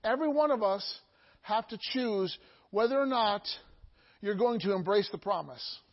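A middle-aged pastor preaching with a very high voice, moving from hushed asides to loud, soaring exclamations. He keeps checking in with his congregation by asking "Amen?" The sound is dull and muffled. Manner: call-and-response preaching, asking "Amen?" often. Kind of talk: sermon.

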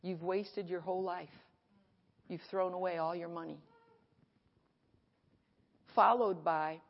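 A woman's voice: fairly low pitch, slow pace, creaky, long pauses, highs cut off. Woman pastor preaching at a conference, acts out the back and forth, echoey hall sound. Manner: animated, acting out dialogue. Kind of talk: sermon.

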